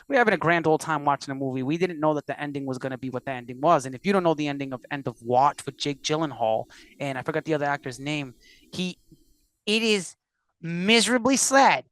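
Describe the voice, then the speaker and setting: A man's voice: fairly high pitch, quick pace, no echo. A man from Puerto Rico, a musician and producer, telling stories animatedly as a podcast guest. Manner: animated storyteller, acts out quotes. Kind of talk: casual interview conversation.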